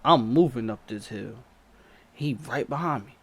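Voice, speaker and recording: A man's voice: mid-range voice, expressive, measured pace. A man animatedly retelling a personal chase story in a slangy, repetitive, breathless way. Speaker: storyteller vlogger.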